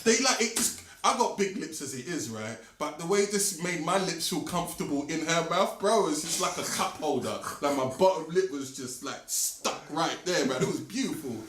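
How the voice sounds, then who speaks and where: A young man with a London accent tells a story at a lively clip, his voice sitting a bit high for a man and jumping up when he gets excited. The slang comes thick and fast. He sounds like he's in a bare, echoey room. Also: slight background noise. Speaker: podcast co-host. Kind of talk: casual chat.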